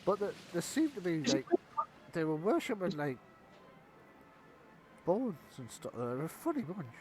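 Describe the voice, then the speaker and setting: A man's voice: sits high, very animated, unhurried, a little mellow, soft background music. A man doing a rambling, distrustful goblin. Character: wary, rambling male goblin, small and grumbling.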